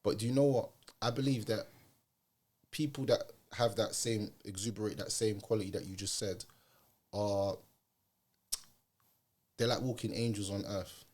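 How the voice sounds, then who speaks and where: Animated man hosting a podcast. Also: moderate pace, long pauses. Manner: lively storyteller, drops to a soft low voice for wise points. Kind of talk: casual podcast conversation.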